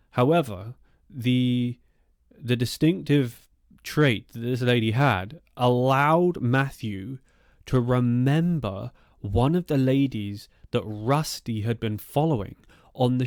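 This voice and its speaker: A man's voice: mid-range voice, darkish tone, no echo, studio quality. A man narrating an eerie true-life story in a loose, conversational way, with asides and fillers.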